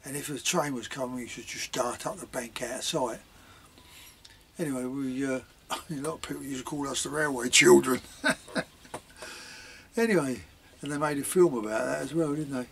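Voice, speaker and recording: A man's voice: medium pitch, normal speed, creaky, pauses often, fairly bright tone, slight background noise. An older man, rambling through childhood memories with lots of fillers and asides. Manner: chatty, many fillers and asides, dialect grammar. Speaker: vlogger telling childhood memories. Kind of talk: rambling spoken reminiscence.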